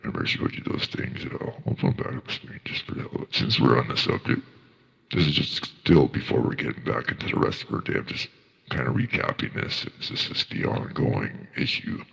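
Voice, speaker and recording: A man's voice: rumbling low, very animated, brisk, gravelly, fairly bright tone, husky, big-room sound. A man doing casual livestream reaction commentary, ranting in a profane, indignant way.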